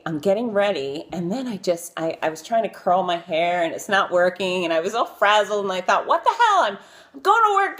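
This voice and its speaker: A woman talks to her viewers in a loose, live-stream style, spinning anecdotes full of fillers and restarts. Her voice sits a little low, but she jumps up high when she acts out what people said. She pokes fun at herself throughout. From Florida. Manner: chatty and animated, acting out quotes in a high voice; self-deprecating with frequent fillers. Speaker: vlogger telling stories of celebrity interviews. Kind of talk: casual live-stream storytelling.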